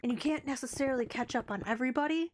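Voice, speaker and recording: A woman's voice: high-pitched, rapid-fire, a little hiss or hum. A woman live streamer chatting casually and rambling as she plays a game, often breaking off mid-sentence. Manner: rambling, chatty, self-interrupting. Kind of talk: casual chat while playing a game.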